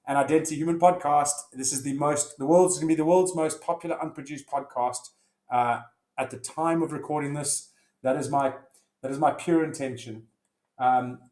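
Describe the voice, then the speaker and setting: A man hosts a casual solo podcast, chatting and storytelling in a relaxed way. He corrects himself on the fly at a middle pitch. The room is noticeably echoey. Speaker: podcast host.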